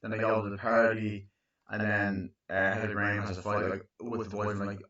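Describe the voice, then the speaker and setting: A young man in his twenties recapping a movie in casual, profane chat, acting out lines in high voices. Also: monotone, brisk, a bit bright. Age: 20s. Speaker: movie reviewer. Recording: echoey, distant, muffled room recording.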